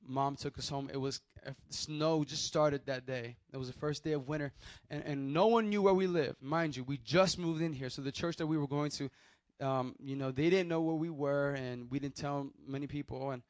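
A man's voice: mid-range voice, darkish tone, no echo. A young man, preaching a sermon and telling a personal testimony in a loose, conversational way. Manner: conversational storytelling with restarts and acted quotes.

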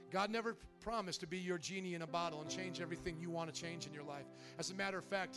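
A man preaching a sermon as pastor, asking the congregation questions and rising into loud, fervent prayer. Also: high voice. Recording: church service audio with music behind.

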